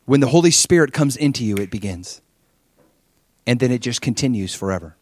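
Speaking fairly quickly in a mid-range voice, a pastor in his forties preaches with animation, sharing a personal story and acting out his own earlier prayers and conversations.

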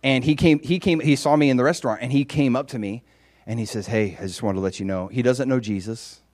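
A man's voice: medium pitch, quick pace, dry recording. Man preaching in a dry room. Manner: conversational preaching, swinging from quiet to loud and emphatic. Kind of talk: sermon.

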